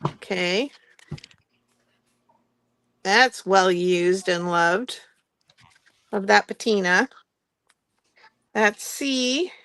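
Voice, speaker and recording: A woman's voice: a little high, gravelly, bright, forceful tone, dry recording. A woman hosting a live craft-supply sale in a shop, chatty and often laughing, trailing off and restarting as she goes. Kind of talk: casual live sale chat. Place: indoor shop with construction noise nearby.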